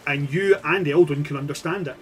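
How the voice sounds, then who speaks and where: A man's voice: on the high side, fairly quick, fairly bright tone, soft background music. A man narrating as game master in a loose, rambling way, with casual swearing.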